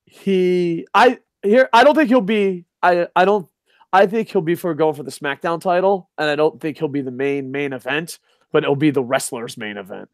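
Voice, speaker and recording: Man, high-pitched voice, heated swearing rant, dry close sound. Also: normal speed, dry recording. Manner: profane, heated ranting. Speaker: podcast co-host. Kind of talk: casual wrestling talk.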